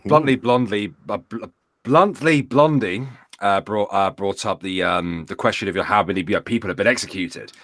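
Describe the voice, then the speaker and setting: A man's voice: on the low side, moderate pace, fairly bright tone, dry recording. A man co-hosting a casual talk show, sharing news in a hesitant way with many fillers and dry humor. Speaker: co-host. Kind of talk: casual podcast chat.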